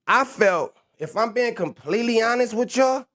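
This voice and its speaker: A young man rants on his livestream in a high voice. He stumbles over his words, restarts phrase after phrase, and laughs things off. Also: lively intonation, moderate pace, a bit bright. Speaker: rapper on a livestream. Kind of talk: rambling livestream rant.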